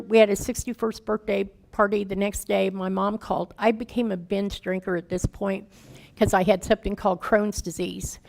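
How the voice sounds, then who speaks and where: A woman's voice: medium pitch, vocal fry, a little mellow. A woman in her fifties, a guest speaker telling her recovery story in candid, plain-spoken, folksy words, emotional and raw. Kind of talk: personal recovery testimony.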